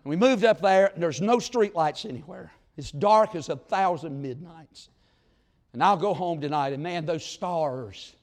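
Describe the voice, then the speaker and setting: A man from the southern United States preaches a revival sermon in a fervent, folksy, plain-spoken country style, his delivery swinging between loud exclamations and low, drawn-out asides.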